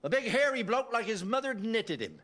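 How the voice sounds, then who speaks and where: A man's voice: very high voice, very animated, brisk, fairly bright tone. A man doing stand-up, telling a chatty anecdote. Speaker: stand-up comedian.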